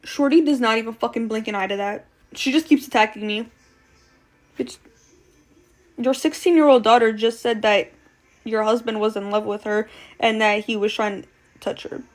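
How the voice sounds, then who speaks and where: Casting note: woman with a higher-pitched voice, casual storytime vlogger, blunt and slangy, swears a lot. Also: fairly even intonation, normal speed, pauses often. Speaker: storytime creator.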